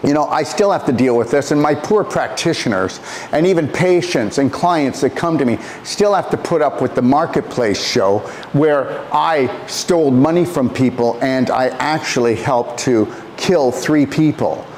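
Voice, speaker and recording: A man, a natural health practitioner, delivering an impassioned motivational monologue, emphatic and preachy, repeating phrases and swinging his pitch up and down. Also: moderate pace, darkish tone, slight background noise.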